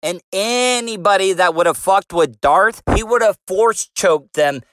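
A man's voice: high-pitched, unhurried, a bit bright, dry recording. A man giving a heated, sarcastic political rant in a casual monologue, swearing freely. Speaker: political commentary vlogger.

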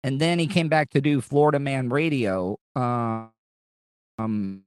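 A man's voice: mid-range voice, measured pace, darkish tone. A man hosting a casual talk show, telling stories in a rambling, profane way with many restarts. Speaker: podcast host. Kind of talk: casual chat. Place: Orlando, Florida.

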